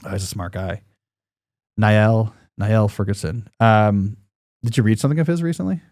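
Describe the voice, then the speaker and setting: A man's voice: on the low side, big pitch swings, fast talker, a little mellow, dry recording, studio quality. Rambling, jokey male podcast host. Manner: rambling, jokey, lots of fillers and restarts. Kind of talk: casual podcast chat.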